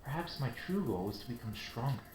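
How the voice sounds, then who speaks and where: An earnest young woman knight, soft-spoken and a little shy, as a man reads her lines. Her game dialogue comes through an echoey room. Soft game music plays behind her. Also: medium pitch, sing-song, brisk, natural voice.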